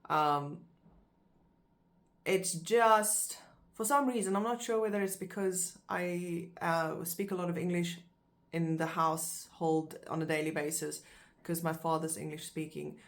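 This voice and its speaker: South african woman, afrikaans first language, low voice, says each word slow and twice like a teacher. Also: steady tone. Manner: slow and careful, repeats words to pronounce them. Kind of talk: casual language lesson.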